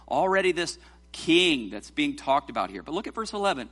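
A man with a bright, somewhat high voice preaches in a church sanctuary. He is animated, draws scripture out slowly, then turns light and teasing as he coaches the congregation through a responsive reading. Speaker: pastor.

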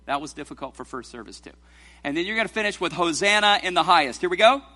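A man preaching a sermon in a church, reading scripture slowly and leading the congregation in a playful responsive reading. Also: a little high, sing-song, fairly bright tone, slightly rough. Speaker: pastor. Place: church sanctuary.

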